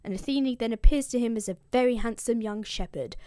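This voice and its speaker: A woman's voice: a little high, fairly quick, mellow, no echo, studio quality. A young woman who hosts a show explaining the classics, retelling an epic in a casual, irreverent, slangy way.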